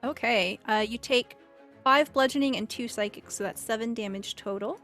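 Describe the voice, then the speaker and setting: Casual woman game master, fairly high voice. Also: normal speed, a bit bright, faint music behind. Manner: casual narration with fillers. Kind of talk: narrating a tabletop game.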